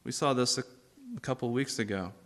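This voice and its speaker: A man preaching a sermon, reading scripture and asking the congregation questions in an animated way. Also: medium pitch, brisk. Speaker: pastor.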